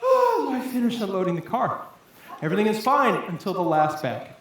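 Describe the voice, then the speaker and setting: A woman telling a comic story on stage, animated and laughing often. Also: mid-range voice, fairly quick. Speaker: storytelling contestant. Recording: echoey hall from a distance.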